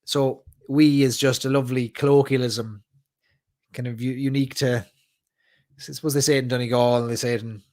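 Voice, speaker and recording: This is a man from Ireland with a Cork accent, hosting a casual live stream in the small hours. He chats loosely, rambling between stories and reading out viewer comments, and his voice sits in a plain middle pitch with a slightly tired edge. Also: steady tone, brisk, darkish tone. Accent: Irish, Cork. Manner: rambling, chatty, reads viewer comments aloud. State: tired late at night. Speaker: whiskey club host.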